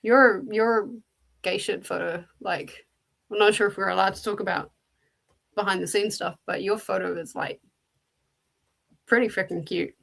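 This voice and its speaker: Gravelly-voiced New Zealand woman hosting. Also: medium pitch, fairly even intonation, moderate pace, long pauses, fairly bright tone. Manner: chatty, greets viewers by name and answers chat. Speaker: livestream host. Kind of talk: casual livestream chat.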